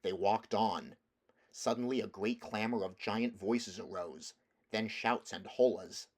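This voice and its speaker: A man reads a storybook aloud in a steady, measured way, his voice sitting on the lower side. He now and then backs up to restart a phrase, keeping an even narrator's pace. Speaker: audiobook reader.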